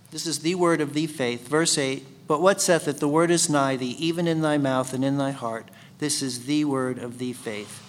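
A man's voice: on the high side, fairly bright tone. Conversational man teaching a sermon. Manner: conversational, asks the congregation questions. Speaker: Bible teacher.

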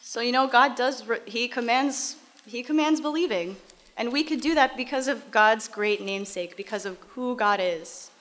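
A woman's voice: a little high, normal speed, a bit bright. A woman teaching from the Bible, reading verses aloud and then explaining them in a casual, conversational way.

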